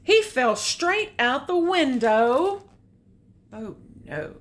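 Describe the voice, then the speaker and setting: An older woman reading a picture book aloud, adding gentle, chatty comments about the pictures. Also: high-pitched, sing-song, drawn-out words. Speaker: storyteller.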